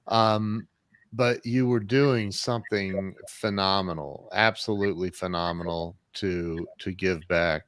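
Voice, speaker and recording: A man hosting an interview speaks slowly in a smooth, clear voice. The sound is dry and close, with no room echo, as he asks rambling questions and drops in short reactions. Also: low-pitched, steady tone, fairly bright tone. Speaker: podcast host. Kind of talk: interview chat.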